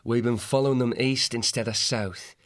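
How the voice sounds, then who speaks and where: Man voicing an otter warrior, storybook, gruff, shrewd, plainspoken rough dialect, slightly raised voice. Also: medium pitch, fairly even intonation, moderate pace, pitched above the performer's own voice, close to an everyday voice.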